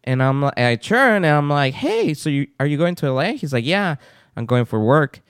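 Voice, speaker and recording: A man's voice: a little high, sing-song, fairly quick, smooth, dry recording, clean studio sound. A man co-hosting a podcast, telling a story in a casual chat and acting out the people in it. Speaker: podcast co-host.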